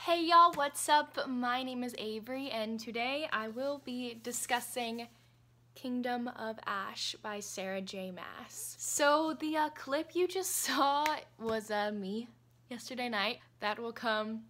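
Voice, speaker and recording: Bright, giddy young woman book vlogger. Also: fairly high pitch, takes it slowly. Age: young adult. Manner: giddy, gushing, talks with laughs and repeats. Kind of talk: casual vlog chat. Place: apartment room, indoors.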